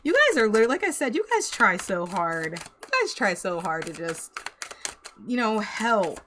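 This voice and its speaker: A woman's voice: medium pitch, big pitch swings, measured pace, pushed and bright, a little hiss or hum. A young woman giving a casual tarot reading to camera, chatty and sympathetic, laughing and sighing often. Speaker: tarot reader.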